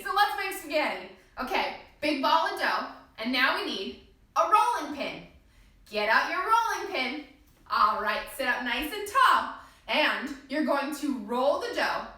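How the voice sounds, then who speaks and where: A woman leads a children's yoga class, her high, bright voice bouncing through lively swoops as she cheers the little ones along. She sounds a few steps back from the mic in a strongly echoing room. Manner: playful, encouraging, sing-song. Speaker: kids yoga teacher. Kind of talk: guided kids yoga class with pretend play. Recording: echoey room, voice from a distance.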